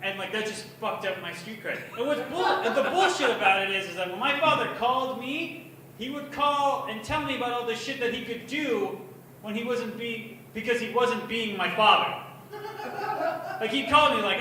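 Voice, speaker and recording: A young man doing open mic stand-up, crude and self-mocking, with a high, bright, sharp voice. He is heard from far off in a very echoey bar, with faint noise behind him. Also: normal speed. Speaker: stand-up comedian.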